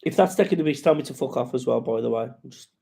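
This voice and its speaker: A man's voice: medium pitch, animated, fast, gravelly, warm tone, breathy edge. A man hosting a casual live-stream chat, rambling and sweary as he greets viewers and reads out their comments.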